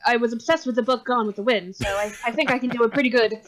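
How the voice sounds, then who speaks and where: A woman role-playing at a tabletop game, her voice sitting slightly high. She answers with wry, dry jokes. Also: quick pace. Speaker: tabletop player. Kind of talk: in-character tabletop role-play.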